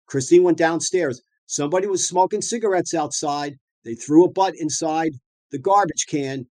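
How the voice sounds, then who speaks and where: Chatty storytelling man, slightly high voice. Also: normal speed, no echo. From northeastern United States. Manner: lively storyteller, colloquial, frequent fillers and restarts. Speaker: dentist and practice owner guest. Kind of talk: anecdotal storytelling talk.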